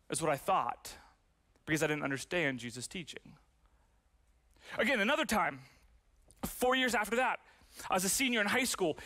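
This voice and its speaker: A man in his twenties, a pastor preaching a sermon, telling personal stories animatedly and turning soft and slow when speaking about grief. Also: fairly high pitch. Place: church stage with audience.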